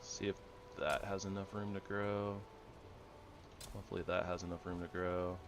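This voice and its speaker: Deep male voice, casual gameplay commentary, relaxed, self-correcting, faint room noise. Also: moderate pace. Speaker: gamer.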